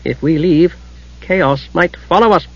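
A mild, gloomy god , played by a male reader, speaks in gentle, soothing tones, pitched well above the narration. A husky edge sits in the voice. The sound is muffled and lo-fi. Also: unhurried. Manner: gentle and mollifying, raised pitch. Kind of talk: audiobook character reading. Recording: muffled lo-fi recording.

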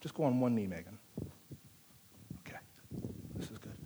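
A man's voice: fairly low pitch, lively intonation, moderate pace, mellow, slight background noise. A man preaching a live sermon in a church service, emphatic, repeating phrases for stress.

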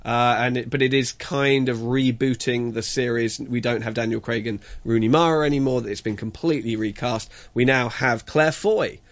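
A man reviewing a film in casual radio chat, halting and stumbling as he searches for words. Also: medium pitch. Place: radio studio.

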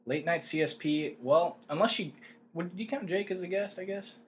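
A man's voice: high-pitched, moderate pace, a little hiss or hum. A man co-hosting a podcast in casual chat, laid-back and slangy, with a drawling delivery. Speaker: podcast co-host.

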